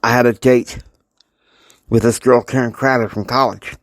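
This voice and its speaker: A man casually retelling a family drama story in a rambling, halting way with many fillers. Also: medium pitch, steady tone, no room sound.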